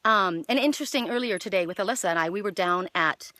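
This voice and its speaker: A middle-aged woman giving a casual spiritual card reading outdoors, chatty and excitable, with lots of fillers. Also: medium pitch, fast, no echo. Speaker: oracle card reader. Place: outdoors in the evening.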